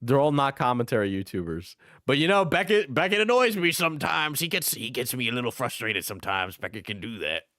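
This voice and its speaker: Blunt, profane streamer with a dry sound. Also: male voice, mid-range voice, big pitch swings, fairly quick, hardly any pauses, pushed and bright, no echo. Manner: blunt, profane, laughing often. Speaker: streamer reacting to commentary videos. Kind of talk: live reaction stream, casual chat.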